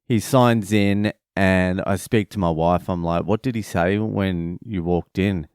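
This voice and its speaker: A man's voice: low-pitched, measured pace, clear, resonant tone, dry recording, studio quality. A man, a father, telling a family story in a casual, profane, rambling vlog. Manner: profane, rambling, animated retelling.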